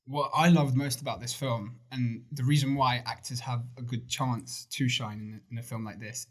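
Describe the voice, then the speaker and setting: A man co-hosting a podcast, giving opinionated views in casual chat, with fillers. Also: mid-range voice. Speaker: podcast co-host. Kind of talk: casual film review chat.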